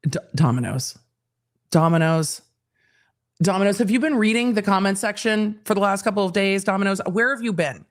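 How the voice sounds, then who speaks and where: A woman's voice: medium pitch, animated, normal speed. A woman hosting a live stream, reading out social media replies with laughing, incredulous reactions. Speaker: host.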